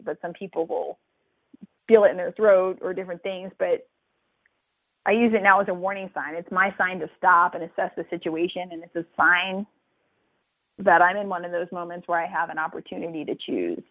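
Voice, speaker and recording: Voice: medium pitch, no room sound. Doctor who trains residents, casual reflective talk, fillers and restarts, thin phone-line sound, dry. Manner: conversational, many fillers and restarts. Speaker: physician who teaches residents.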